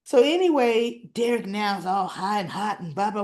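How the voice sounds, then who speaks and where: A woman casually recapping a soap opera episode, acting out the characters' lines in an animated, chatty way. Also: medium pitch, normal speed. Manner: animated retelling, acts out lines.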